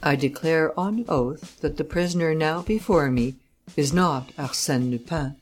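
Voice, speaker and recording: A woman's voice: low voice, faint music behind. Woman as a solemn, precise detective. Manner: solemn, deliberate testimony. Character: grave, precise male detective.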